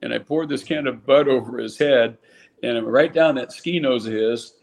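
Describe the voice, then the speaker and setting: An older Californian man, once a ballplayer, tells anecdotes casually and animatedly in a gravelly, mid-range voice at a moderate pace. He restarts a lot and voices people in quotes.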